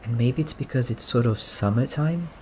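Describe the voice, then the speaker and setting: A man giving relaxed, soft-spoken gameplay commentary, musing and amused as he points things out. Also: mid-range voice, normal speed, a little hiss or hum. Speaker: gaming streamer.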